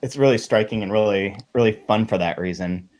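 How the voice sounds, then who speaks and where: A man hosting a book podcast, chatting in a relaxed, joking way. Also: lowish voice, fairly quick. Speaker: podcast host. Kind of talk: casual chat, reading a list.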